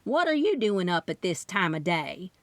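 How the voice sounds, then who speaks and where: A woman narrator voicing a sharp-tongued older Southern aunt who teases bluntly, read in a dry studio. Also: fairly low pitch, big pitch swings, moderate pace, no echo. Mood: sassy. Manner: teasing, blunt.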